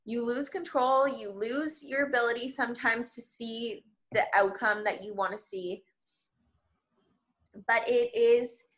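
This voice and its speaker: A woman's voice: mid-range voice, fairly bright tone. A woman guest on a podcast, speaking candidly and from the heart about her personal experience. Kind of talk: personal storytelling in conversation.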